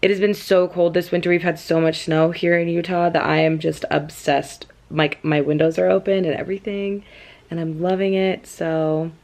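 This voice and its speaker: A woman's voice: on the low side, fairly even intonation, moderate pace, darkish tone. A young woman from Southern California chatting casually in a home vlog, rambling with lots of fillers and small laughs. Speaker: book vlogger. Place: at home indoors.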